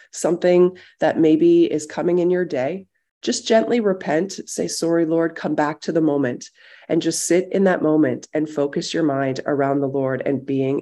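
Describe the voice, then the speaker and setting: A pastor on a call, gently leading a time of silent prayer and then reading a Bible chapter aloud. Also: mid-range voice. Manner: gentle, slow, reflective. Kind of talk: sermon with guided silent prayer and scripture reading. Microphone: video call.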